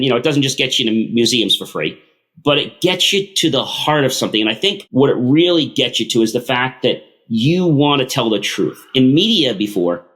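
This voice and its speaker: A middle-aged man telling stories in casual conversation, acting out both sides of the exchanges he recounts. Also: mid-range voice. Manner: animated, acts out both sides of quoted conversations. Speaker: podcast guest. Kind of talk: casual storytelling.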